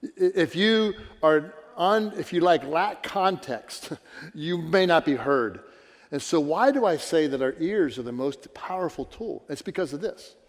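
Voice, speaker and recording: Pastor guy preaching in a church, kinda high voice, big echoey hall, earnest and chatty. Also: animated, a little slow. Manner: earnest, conversational preaching with rhetorical questions. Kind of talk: sermon. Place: church sanctuary.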